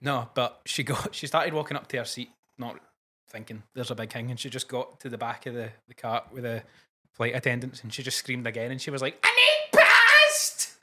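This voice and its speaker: A Scottish man talks fast in a bright, forceful voice as he spins casual stories on a podcast. He's animated, and now and then he mimics a shrill voice for effect. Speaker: podcast co-host. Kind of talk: casual chat.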